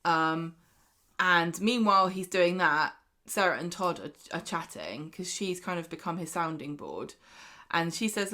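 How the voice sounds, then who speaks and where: A woman's voice: fairly low pitch, unhurried. A woman co-hosting a podcast, chatting casually and acting out the lines she quotes. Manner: lively storyteller who acts out quotes. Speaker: podcast co-host. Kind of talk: casual chat recapping a soap.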